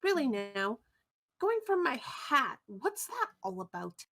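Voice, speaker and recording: A woman's voice: high voice, sing-song, measured pace, a bit bright, exaggerated voice. A woman voicing a vain, fluffy-tailed female witch creature who speaks in a haughty, dismissive way over a video call.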